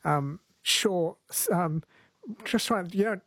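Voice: medium pitch, slow pace, a bit bright, dry recording. A radio host in a dry studio, with a mid-range voice, thanking callers and asking questions in a friendly, conversational manner. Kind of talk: radio talk show hosting.

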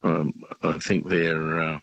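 A man calling a radio quiz, answering hesitantly with many pauses. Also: very deep voice, level tone, fairly bright tone, low-quality recording. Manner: hesitant, lots of uh and restarts. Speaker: radio caller. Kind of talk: quiz contestant on the phone.

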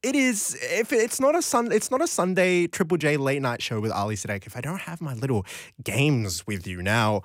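A man's voice: very animated, moderate pace, no echo, studio quality. A young man hosting a late-night radio show, chatting in a playful, rambling way with frequent restarts. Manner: chatty, playful, rambling, lots of restarts and sudden pitch jumps. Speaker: radio host. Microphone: studio microphone.

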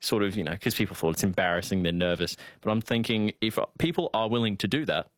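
A man's voice: fairly low pitch, fast, no room sound. Chatty Australian man with a country twang. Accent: rural Australian. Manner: animated storyteller, chatty with many fillers. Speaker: show co-host. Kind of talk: casual chat.

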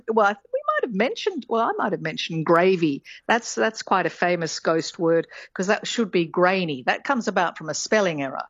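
A woman, a linguistics professor, talks her way through an explanation with fillers and easy laughs. Her voice sits a little low. It sounds dull and closely miked, as if it comes down a remote line into a dry studio. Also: no echo. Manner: chatty, explanatory, with frequent fillers and small laughs. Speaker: linguistics professor, guest expert. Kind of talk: radio interview explanation.

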